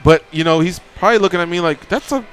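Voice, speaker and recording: A man's voice: on the high side, racing, smooth, soft background music. A man co-hosting a radio show, telling a rambling story in casual chat, swearing and acting out what people said. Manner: animated, rambling, swearing, acts out quotes. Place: radio studio.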